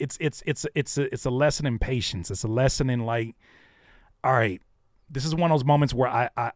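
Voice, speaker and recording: Animated man hosting a live stream. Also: medium pitch, no echo, clean studio sound. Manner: animated and slangy, repeats phrases for emphasis; acts out other people's remarks in shifting voices. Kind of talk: live-stream commentary, casual chat.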